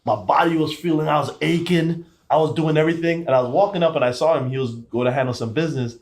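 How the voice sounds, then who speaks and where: A male co-host with a fairly high voice speaks earnestly in a casual interview chat. He retells a personal moment and quotes the dialogue as he goes. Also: fast talker, a little mellow. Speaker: podcast co-host, colleague of the guest.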